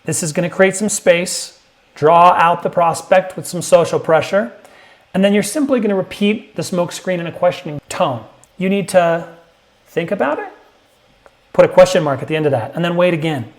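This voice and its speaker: A man teaching sales technique to camera, emphatic and punchy, now and then acting out prospects in a higher voice. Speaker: sales coach. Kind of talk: direct-to-camera sales lesson.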